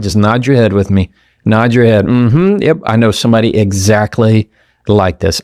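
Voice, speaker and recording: A man hosts a motivational podcast, talking emphatically and directly to the listener and throwing in rhetorical questions. His voice sits at an ordinary middle pitch. The studio mic is close and completely dry, with no room sound. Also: a little mellow, no echo. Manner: acts out quoted people in quick asides. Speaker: podcast host.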